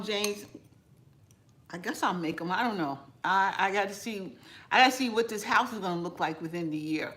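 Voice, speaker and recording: A woman's voice: mid-range voice, fairly bright tone. A woman chatting with live viewers while eating in her home kitchen, rambling casually and talking with her mouth full. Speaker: cooking vlogger.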